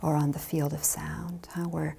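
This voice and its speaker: A woman giving a dharma talk as a Zen teacher, speaking softly and gently with light laughs. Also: deep voice, little pitch movement, normal speed, creaky, breathy edge.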